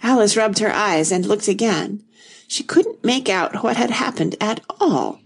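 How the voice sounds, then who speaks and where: A woman reading a classic storybook aloud in an even, unhurried narration. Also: mid-range voice, gravelly, husky.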